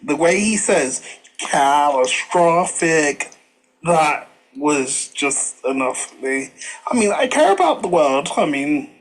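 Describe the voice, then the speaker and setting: A man's voice: on the high side, sing-song, poor audio. A man co-hosting a live podcast, rambling casually and stretching certain words out for effect. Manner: rambling, drawn-out emphasis on single words. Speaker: podcast co-host. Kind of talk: casual live-show banter.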